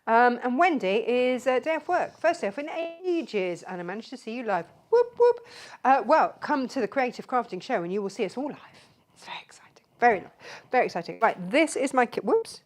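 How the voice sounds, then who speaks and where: A woman's voice: fairly high pitch, lively intonation, a little fast. A woman hosting a live craft demonstration, chatty and rambling as she greets viewers by name. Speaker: craft show host.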